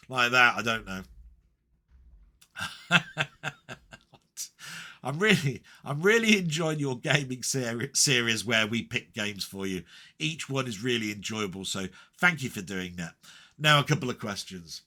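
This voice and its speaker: Male vlogger, bright and punchy, cheeky swearing banter, loose and rambling. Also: medium pitch, lively intonation, moderate pace. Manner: rambling with many fillers and restarts. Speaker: retro gaming vlogger. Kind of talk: casual chat reading viewer comments.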